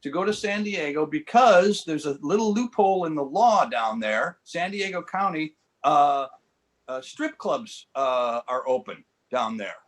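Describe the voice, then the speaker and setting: A man in his sixties telling comic stories over a video call, rambling and halting with lots of fillers and dry, self-mocking punchlines. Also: fairly high pitch, lively intonation. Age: 60s. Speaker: comedian guest. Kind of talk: stand-up storytelling.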